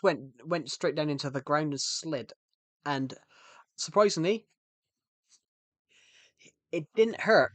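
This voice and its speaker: A man's voice: a little high, animated, takes it slowly, pauses often, a bit bright, dry recording. A man chatting on a live stream in a rambling, jokey way, often restarting his sentences. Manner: rambling, self-interrupting, jokey. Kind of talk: casual live-stream chat.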